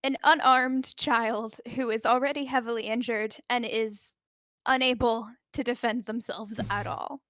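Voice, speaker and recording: A woman's voice: on the high side, fairly even intonation, measured pace, fairly bright tone, dry recording, clean studio sound. A woman playing a tabletop role-playing game, describing her character's actions in a chatty, rambling way. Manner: chatty, lots of likes and restarts. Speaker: player. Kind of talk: tabletop role-play chat.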